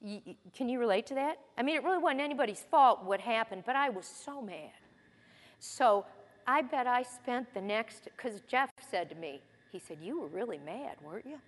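A woman's voice: a little high, expressive, moderate pace. Woman teaching the Bible in a reverberant hall. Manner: conversational, folksy, with personal stories. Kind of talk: sermon-style Bible teaching.

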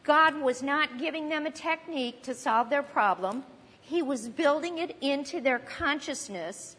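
A woman's voice: high voice, unhurried, a bit bright. A woman preaching a sermon in a conversational teaching manner, now and then acting out panicked voices. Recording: long hall reverb.

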